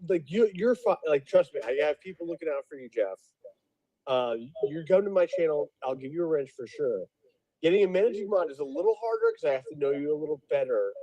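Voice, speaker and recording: A man's voice: fairly high pitch, fast, dry recording, lo-fi sound. A man talking casually on a livestream as a guest, from outside a store, hedging with many fillers. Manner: animated, hedging, lots of fillers. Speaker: guest streamer.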